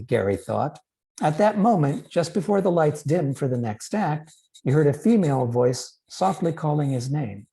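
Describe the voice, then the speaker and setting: A man, a novelist, reading aloud from his own book in a measured, expressive way. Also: on the high side, vocal fry, poor audio.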